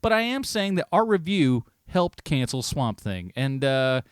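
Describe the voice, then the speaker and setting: A man's voice: medium pitch, sing-song, unhurried, clear, resonant tone, no echo, studio quality. A man co-hosting a movie podcast, joking and bantering playfully in casual chat. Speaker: podcast co-host.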